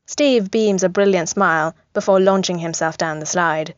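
A woman reading a story aloud as narrator, in an even, gently amused tone. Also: fairly low pitch, normal speed, hardly any pauses, no echo. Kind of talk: reading fan fiction aloud. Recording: slightly muffled, dry.

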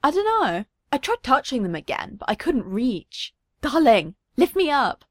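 A woman doing a bright, unsure little girl. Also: high-pitched, very animated, a little slow, no echo, clean studio sound, pitched above the performer's own voice, exaggerated voice. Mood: puzzled. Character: young girl, cheerful and unsure.

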